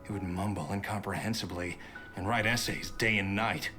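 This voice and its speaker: An actor playing a bitter, resentful son in a game who talks coldly and grudgingly. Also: male voice, deep voice, steady tone, normal speed, music in the background, lightly acted. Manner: cold, grudging.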